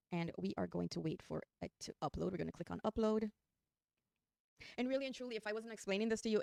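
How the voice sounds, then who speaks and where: Chatty woman with a gravelly New Jersey accent. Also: on the low side, darkish tone, no room sound, studio quality. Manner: chatty, upbeat, talks while clicking through steps. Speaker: online design tutor. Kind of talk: live screen-share tutorial.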